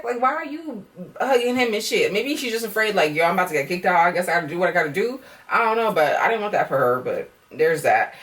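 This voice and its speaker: Woman vlogger, blunt and sassy, low-pitched, recorded slightly away from the mic. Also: distant mic. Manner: blunt, sassy, swears freely, animated pitch swings. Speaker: reality TV recap vlogger. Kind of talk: casual recap commentary.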